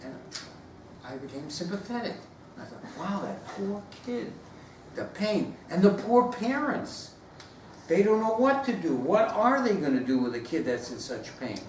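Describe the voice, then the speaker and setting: A man giving a storytelling speech, animated and acting out the voices of the people in it. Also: high voice, a little slow. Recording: roomy echo, distant mic, background noise.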